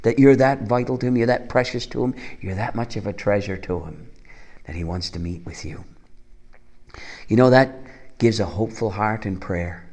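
A man's voice: on the low side, normal speed, darkish tone. A man preaching a sermon, earnest and asking the congregation rhetorical questions.

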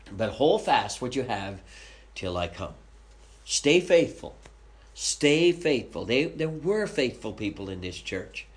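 A man leading a Bible study, reading scripture aloud and explaining it conversationally, with questions to his listeners. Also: medium pitch. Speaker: Bible teacher.

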